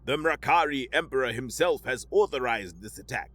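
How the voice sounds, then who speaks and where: Brief: a man doing a formal, synthetic-sounding alien commander; bright, dry delivery. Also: mid-range voice, lively intonation, normal speed, no room sound. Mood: grave. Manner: grave, formal. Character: stern alien ship commander.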